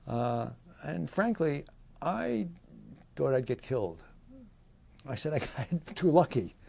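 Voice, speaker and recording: A man's voice: a little high, sing-song, takes it slowly, gravelly, dark tone. A man in his eighties, a veteran, recalling his service in an oral history interview, rambling with fillers and short laughs. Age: 80s. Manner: voices quoted people in livelier tones.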